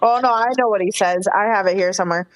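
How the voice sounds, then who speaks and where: Southern woman, mid pitch, quippy casual podcast co-host. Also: quick pace, low-quality recording. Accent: Southern American. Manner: animated, jumps in with quips and asides. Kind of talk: casual recap chat.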